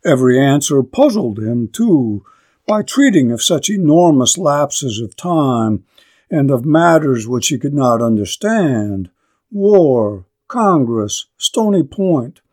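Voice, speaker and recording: A man lecturing on literature, reading a classic story aloud slowly and deliberately, then commenting on it. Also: medium pitch, sing-song, a little mellow.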